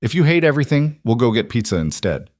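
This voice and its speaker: A man voicing a calm, assured mafia boss with a dry, amused manner in an audiobook. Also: medium pitch, quick pace, no room sound, lightly acted. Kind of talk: audiobook character voice.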